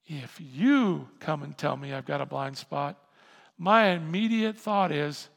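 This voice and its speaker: A man preaching a sermon as pastor, animated, repeating words as he builds to loud emphasis. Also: fairly high pitch, takes it slowly, gravelly. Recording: reverberant hall sound.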